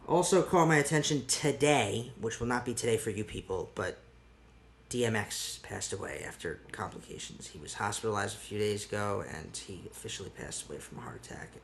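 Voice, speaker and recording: A man's voice: on the low side, a little fast, creaky, slight background noise. A man hosting a solo podcast in casual chat, rambling with restarts and casual swearing. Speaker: podcast host.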